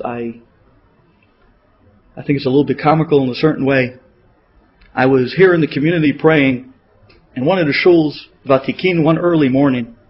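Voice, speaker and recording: A man, a rabbi, delivering a sermon as an emotional story, with a dramatic delivery that swings between loud peaks and hushed moments. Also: a little high, breathy edge. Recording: dull lo-fi radio recording.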